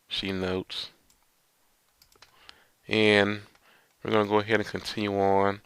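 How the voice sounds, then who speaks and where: A man with a low, gravelly voice recaps a manga chapter in a loose, stop-start ramble. He reads the characters' lines aloud in his own flat voice. The sound is dry and close. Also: a little slow, pauses often, no echo. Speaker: manga reviewer. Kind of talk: casual manga chapter review, reading panels aloud.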